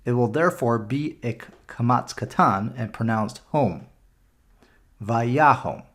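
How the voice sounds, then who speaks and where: A man's voice: mid-range voice, normal speed, fairly bright tone. A Canadian man tutoring for bar mitzvahs, explaining a lesson patiently step by step in a screen-recorded video, with small restarts. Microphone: computer mic for a screen recording.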